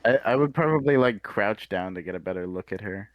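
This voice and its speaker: A man's voice: lowish voice, animated, fairly quick, no echo, dull audio. A man playing a tabletop role-play game, stammering and repeating words as he describes his actions. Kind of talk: casual chat while role-playing.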